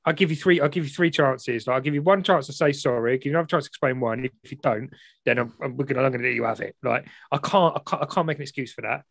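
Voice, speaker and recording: A man's voice: medium pitch, very fast, gravelly, a bit bright, no room sound, clean studio sound. A man, a podcast guest, talking directly and earnestly in casual chat.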